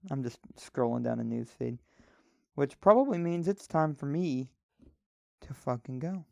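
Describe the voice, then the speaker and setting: Smooth-voiced man rambling on a podcast. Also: medium pitch, expressive, moderate pace, darkish tone, dry recording, studio quality. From United States. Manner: rambling, sarcastic, swears casually. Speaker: podcast host. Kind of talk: solo casual podcast monologue.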